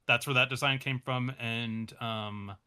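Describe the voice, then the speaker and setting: A man talking casually about his animation projects in an interview, hesitant with many fillers and soft laughs. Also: medium pitch, steady tone, measured pace, smooth. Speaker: animation creator, interview guest.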